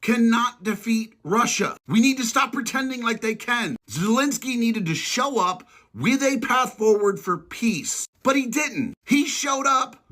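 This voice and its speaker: A man's voice: very high voice, expressive, unhurried, hardly any pauses, bright, forceful tone. A man commentating on politics in a heated, profane rant, stretching out words for emphasis.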